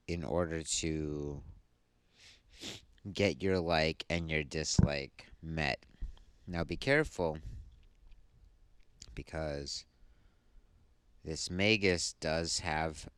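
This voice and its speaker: A sleepy man talks through a tarot reading in a very low, smooth voice. He takes his time, pausing often as he works out what each card means. The sound is dry and close. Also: no room sound. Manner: slow, thoughtful explaining. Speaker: tarot reader.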